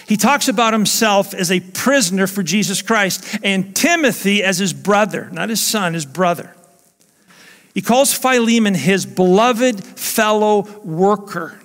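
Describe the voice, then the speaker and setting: A man's voice: sits high, a bit bright, big-room sound. A man preaching a sermon as pastor, earnest and emphatic, repeating his key phrases.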